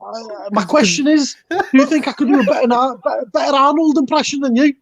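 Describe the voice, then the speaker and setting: Man, podcast guest, very high voice, cheeky, slangy. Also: brisk. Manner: cheeky and slangy, calling people "mate". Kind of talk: casual chat.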